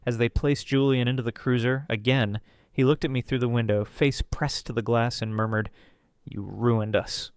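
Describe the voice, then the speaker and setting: A man's voice: medium pitch, fairly even intonation, fairly quick, clean tone, dry recording, studio quality. A man narrating a first-person drama story, reading dramatically and jumping into characters' voices.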